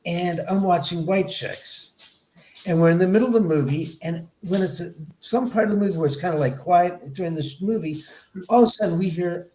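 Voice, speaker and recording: Middle-aged male guest, slightly high voice, animated storyteller, echoey room. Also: fairly quick. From Los Angeles. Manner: animated, acts out quoted dialogue. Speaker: podcast guest. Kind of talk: storytelling in an interview.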